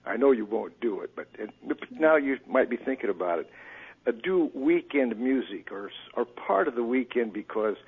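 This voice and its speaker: A man calls in to a radio show and earnestly makes his case to the host. His voice is a bit husky. The phone line is thin and tinny. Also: mid-range voice, lively intonation, moderate pace. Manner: earnest, persuasive. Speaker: radio caller.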